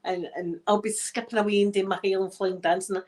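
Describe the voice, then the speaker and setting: A woman's voice: medium pitch, level tone, a little fast, darkish tone. Chatty Scottish woman telling a tale. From Scotland. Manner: chatty, laughs often, tag questions. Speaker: ASMR creator. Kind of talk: casual storytelling to viewers.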